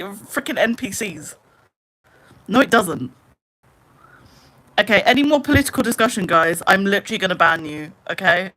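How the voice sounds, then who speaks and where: Young female streamer, bright forceful voice, exasperated ranting, casual chat with viewers. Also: mid-range voice. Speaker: live streamer.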